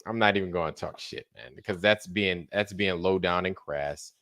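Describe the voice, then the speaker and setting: A man's voice: deep voice, normal speed, a bit bright, no echo, clean studio sound. A man hosting a livestream, chatting casually with joking, profane banter. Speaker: livestream host. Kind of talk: casual chat.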